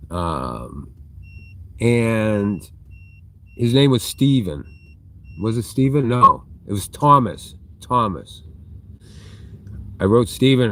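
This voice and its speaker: A man's voice: medium pitch, fairly bright tone. Middle-aged man rambling through a live-stream story. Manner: chatty, reads and answers viewer chat mid-story. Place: inside a big retail store.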